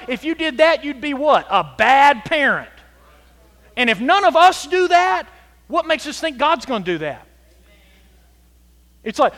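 A pastor preaches with a high, ringing voice. He presses hard on some lines and drops to a hush on others. The reverb of a large church hall carries his words. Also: big pitch swings, measured pace, pauses often. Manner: emphatic preaching, swinging from loud to hushed. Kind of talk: sermon. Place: church sanctuary.

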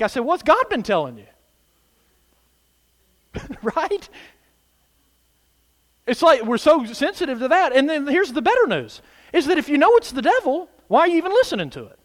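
A man preaching with a high voice that swings widely in pitch. He talks emphatically and throws call-and-response asides to his listeners, and the sound carries a long hall reverb. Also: sing-song, moderate pace, pauses often. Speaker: pastor. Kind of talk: sermon.

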